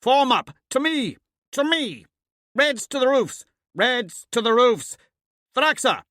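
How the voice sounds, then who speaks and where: A man's voice: mid-range voice, lively intonation, normal speed, no room sound, studio quality, natural voice. A man playing a hard battlefield commander. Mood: bellowing. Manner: commanding, bellowing orders.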